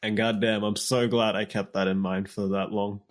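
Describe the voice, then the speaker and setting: A man's voice: fairly low pitch, little pitch movement, normal speed. A man co-hosting a podcast in casual chat, teasing his partner and laughing often. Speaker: podcast co-host.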